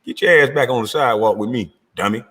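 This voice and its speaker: A man's voice: mid-range voice, fast talker, fairly bright tone. A man trash-talking in a casual, blunt and taunting way.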